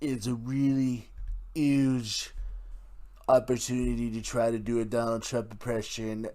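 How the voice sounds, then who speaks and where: A man doing a rough impression of a boastful older male politician, stretching out his superlatives. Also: medium pitch, little pitch movement, a little slow, mellow, close to an everyday voice.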